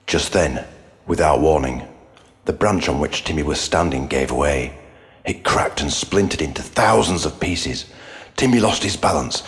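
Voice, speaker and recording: A man's voice: very deep voice, a little slow, in a large hall. A man reading a comic story aloud in an exaggerated, dramatic storybook manner.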